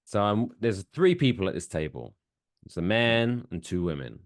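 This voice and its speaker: A man co-hosts a casual podcast, telling his stories with a lively, swooping delivery. His voice sits on the low side, and he acts out other people's lines as he goes. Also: moderate pace. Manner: animated storyteller acting out other people's lines. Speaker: podcast co-host.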